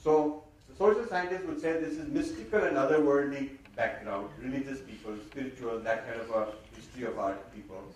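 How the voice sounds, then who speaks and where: A man giving a lively, sardonic talk to an audience, slipping Hindi phrases into his English. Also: medium pitch, brisk, hardly any pauses. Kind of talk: lecture to an audience. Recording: very echoey hall, mic far off, faint noise.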